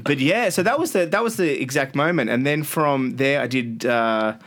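An Australian radio host in his thirties guests on a podcast in a studio, spinning rambling anecdotes and laughing mid-sentence during a casual storytelling interview. His mid-range voice moves at a moderate pace with a fairly bright tone.

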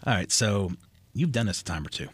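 Husky-voiced male radio host. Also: fairly low pitch, animated, fairly quick, a bit bright, no echo. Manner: chatty, joking, loose with restarts. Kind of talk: casual talk radio chat.

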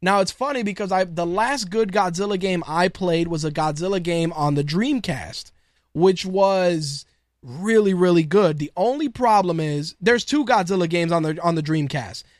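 High-voiced man rambling on his podcast. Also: moderate pace, dry recording, studio quality. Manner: rambling, laughs often, swears freely. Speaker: podcast host. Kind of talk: casual solo talk show.

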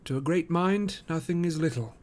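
A man's voice: on the high side, lively intonation, normal speed, a bit bright. A man reading aloud, voicing a clipped, sententious detective. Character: sharp, aloof male detective, middle-aged.

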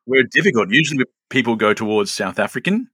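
An Australian man in his late forties telling stories in a relaxed, self-mocking way as a guest. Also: medium pitch, fast talker, husky, no echo. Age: 40s. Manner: chatty, self-mocking storyteller. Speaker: guest, show creator. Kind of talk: casual interview chat.

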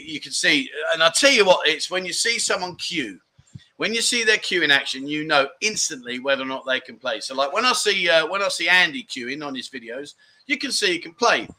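A man's voice: medium pitch, sharp tone. A man hosting a live chat show outdoors, rambling casually as he reads out viewer comments. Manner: rambling and chatty, with many restarts and asides. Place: outdoors in a garden under trees.

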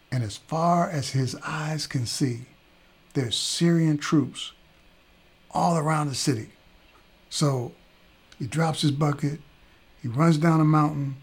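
A male preacher retelling a scripture story in a lively, conversational sermon. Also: mid-range voice, slightly rough.

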